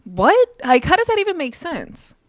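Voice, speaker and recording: A young woman hosting her own podcast, talking casually and passionately, her voice climbing high when she gets heated. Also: wildly swooping pitch, moderate pace, dry recording, clean studio sound. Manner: passionate, emphatic, rises into heated rants. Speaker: podcast host. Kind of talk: casual solo podcast monologue.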